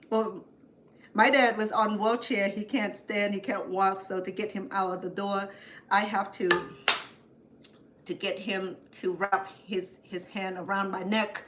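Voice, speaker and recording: A woman's voice: mid-range voice, a bit bright, a little hiss or hum. Older woman telling stories while cooking. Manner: chatty, rambling, acts out family members' voices. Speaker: cooking show host.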